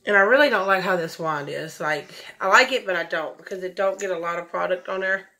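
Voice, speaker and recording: A beauty vlogger chats effusively through a casual makeup tutorial, saying "y'all" a lot, recorded at home on a camera mic. Her voice is on the low side and fairly quick, with a sharp tone.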